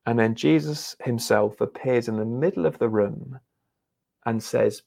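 A man's voice: medium pitch, gravelly, darkish tone. A man preaching a sermon in an earnest, conversational way, often restarting his words. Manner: earnest, halting with repeated restarts.

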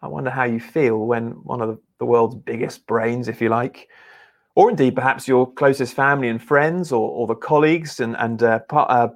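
A man's voice: medium pitch, fairly even intonation. Earnest man preaching a sermon. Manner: earnest, halting with repeated restarts.

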